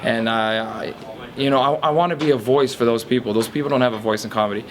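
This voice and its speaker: A man's voice: medium pitch, fast, crowd noise. A man in his twenties from a Portuguese family background, a comedian speaking candidly in a documentary interview, rambling with frequent restarts. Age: 20s.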